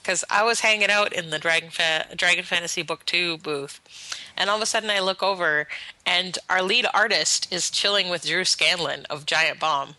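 A woman game developer chatting on a podcast, telling excited stories in a bubbly way. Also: on the low side, normal speed, no echo, low-quality recording. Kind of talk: casual podcast chat.

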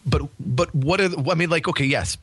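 A man's voice: a little high, brisk, a bit bright, slightly rough, dry recording. A man co-hosting a gaming podcast, teasing the others in a sardonic manner. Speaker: podcast co-host. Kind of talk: casual chat.

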